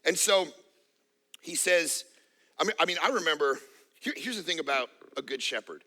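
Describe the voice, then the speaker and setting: Pastor, man, 40s: sharp, bright-edged voice, high-set, emphatic repeating sermon delivery with quips. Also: lively intonation, moderate pace. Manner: emphatic, repetitive, joking asides.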